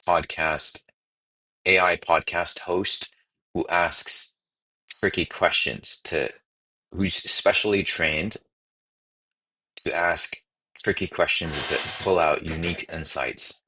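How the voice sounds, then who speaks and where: A man hosting a casual coding livestream, thinking aloud with sudden excited bursts. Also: low voice, slow, long pauses, breathy edge. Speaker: livestream host.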